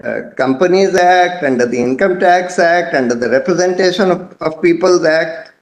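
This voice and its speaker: Advocate role: Indian-accented man, slightly higher voice, methodical courtroom argument, roomy echoing sound. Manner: measured, methodical, formally addresses the bench. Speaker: advocate arguing before a court. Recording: echoey courtroom audio.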